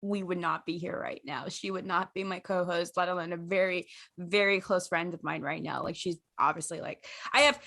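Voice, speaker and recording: A woman's voice: fairly low pitch, steady tone, normal speed, gravelly, fairly bright tone. A woman hosting a casual fan podcast, speaking in an earnest, giggly way. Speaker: podcast host.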